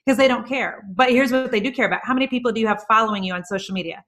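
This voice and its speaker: Speaking a little high with a slightly bright quality, the guest entrepreneur holds forth in a casual video-call interview. She's emphatic and fast, stacking up examples as she goes.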